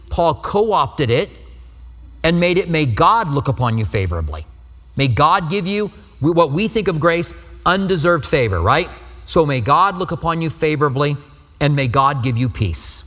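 Male pastor, slightly high voice, earnest teaching sermon, reverberant sanctuary sound. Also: a bit bright. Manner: earnest, explanatory, repeats phrases for emphasis. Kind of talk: expository Bible teaching sermon. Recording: long reverb of a hall.

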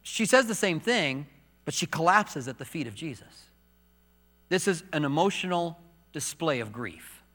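A man preaching a sermon as pastor, moving between soft, hushed confiding and raised, emphatic preaching in a church sanctuary. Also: on the high side, very animated, moderate pace. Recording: long reverb of a large hall.

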